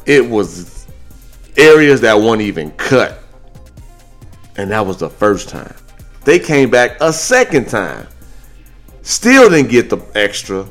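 A man hosting a casual podcast. His voice sits very low, and he swings up into high, animated tones as he tells a funny story. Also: takes it slowly, pauses often, faint music behind. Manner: animated storytelling, jumps high when joking. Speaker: podcast host.

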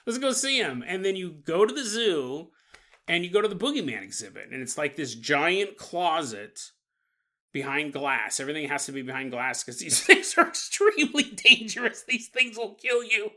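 A man's voice: a little high, big pitch swings, normal speed, bright, forceful tone. A man hosting a paranormal podcast, rambling through a comedic monologue, laughing often and acting out silly voices. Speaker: podcast host.

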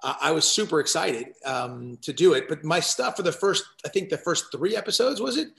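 A man guesting on a chatty podcast, his voice a touch high and full of gravel. He tells his stories with energy, and he keeps tripping over and restarting his sentences. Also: brisk, roomy sound. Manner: chatty, animated storyteller with frequent restarts. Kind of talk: casual chat, storytelling.

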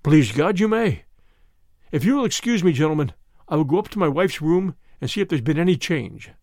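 A man's voice: fairly high pitch, lively intonation, brisk, darkish tone, no room sound, studio quality. A man voicing a big, anguished husband pleading for help in urgent outbursts. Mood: hopeful. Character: big desperate husband, former athlete.

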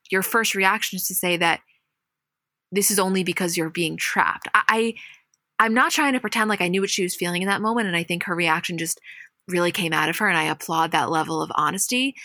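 A woman hosting a podcast, recapping a show with animated, dramatic storytelling. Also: medium pitch, no echo, studio quality. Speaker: podcast host. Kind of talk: casual recap chat.

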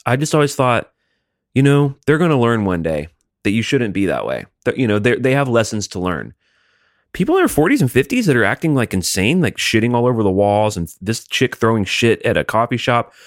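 A man's voice: on the low side, no echo, studio quality. A man in casual chat, reflective and filling his speech with "like" and "you know". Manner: reflective, heavy use of "like".

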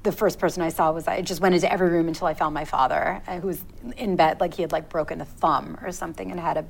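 This interview guest, a woman in her thirties, has a somewhat low voice with vocal fry and keeps a steady tone. She pauses and restarts often while reflecting on a personal story, and the recording quality is low.

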